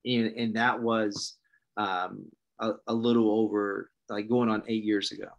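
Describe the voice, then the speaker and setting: A man's voice: lowish voice, little pitch movement, a little slow, creaky, dull audio. Earnest, impassioned pastor, man. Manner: earnest, impassioned, preacherly, with frequent restarts. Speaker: pastor and guest. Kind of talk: interview, personal testimony.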